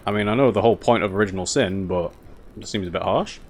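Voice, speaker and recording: A man's voice: on the low side, quick pace, slight background noise. A man giving casual gameplay commentary, musing and wry as he reads the game's text aloud. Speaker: let's play gamer.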